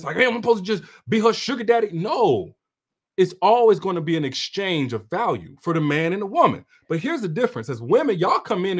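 A male relationship coach speaks to his viewers in a livestream masterclass. His voice sits a little high and rises and falls with lively swings. He talks bluntly, like a big brother, and drives points home by repeating them. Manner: preachy and direct, like a big brother, with repeated emphatic phrases.

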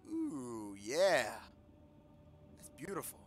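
A man giving casual, joking commentary while playing a video game. He talks back to the characters on screen, breaks into loud outbursts, and mutters the on-screen text in a low voice. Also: wildly swooping pitch, drawn-out words, soft background music. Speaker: let's play gamer.

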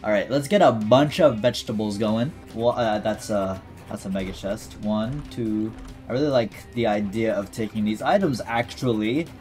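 A man's voice: fairly low pitch, moderate pace, darkish tone, soft background music. A man giving casual, jokey commentary over his gameplay, reading item descriptions aloud and talking back to the game's character. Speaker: gaming YouTuber.

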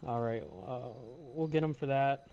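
A man's voice: mid-range voice, normal speed, highs cut off, a little hiss or hum. A man playing a police officer in an online roleplay, answering in short, easygoing replies. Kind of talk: in-character roleplay chat.

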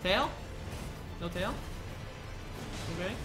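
A man's voice: sits high, animated, slow, music in the background. A young man commenting on his own gameplay, taunting the boss and venting to his chat between frustrated outbursts. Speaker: gaming video creator.

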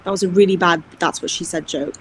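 A woman's voice: lowish voice, steady tone, fast talker, a little hiss or hum. A woman chatting with a stranger over video chat, blunt and unimpressed in her put-downs.

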